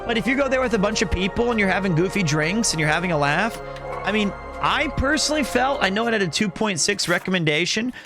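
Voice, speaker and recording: Male streamer, high bright tone, loose joking chatter over faint game music. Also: animated, fast. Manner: rambling, playful, jokey. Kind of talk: casual live-stream chat.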